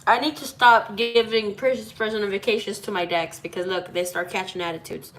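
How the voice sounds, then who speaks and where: A woman's voice: medium pitch, steady tone, brisk, fairly bright tone. A woman giving a casual tarot reading, talking in a chatty, playful way, laughing often and swearing now and then. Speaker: tarot reader.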